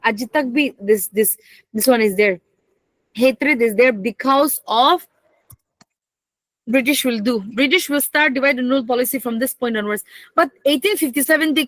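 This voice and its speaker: A young woman giving a history lecture to a class, mixing languages and often asking "okay, clear?". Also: high-pitched, a bit bright, no echo. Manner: code-switching, asks "okay, clear?" often. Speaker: history teacher.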